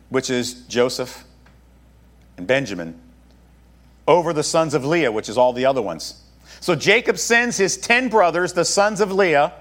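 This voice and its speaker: A man's voice: high-pitched, fairly bright tone. A man pastor preaching a sermon, talking to his congregation in a conversational way with joking asides.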